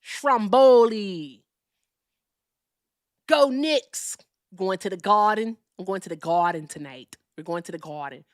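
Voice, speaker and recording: A woman putting on a loud, boisterous Brooklyn Italian local with a Brooklyn accent, as a drawn-out caricature. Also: mid-range voice, no room sound, clean studio sound, lightly acted.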